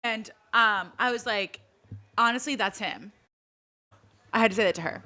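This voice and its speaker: A woman's voice: on the high side, normal speed, sharp tone. A young woman co-hosting a podcast, animatedly retelling a story in casual chat and acting out the quotes of the people in it. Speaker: podcast co-host.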